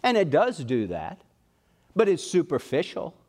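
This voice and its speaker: A man's voice: a little high, huge pitch swings, a little slow, darkish tone. A middle-aged man preaching a sermon in a folksy, conversational way, telling personal stories.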